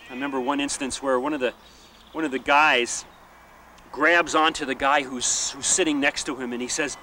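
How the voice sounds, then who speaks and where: A man, a peacemaker and facilitator, telling a story in an animated way, often saying "you know.". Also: mid-range voice, normal speed. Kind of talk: storytelling talk. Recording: distant mic, faint outdoor noise.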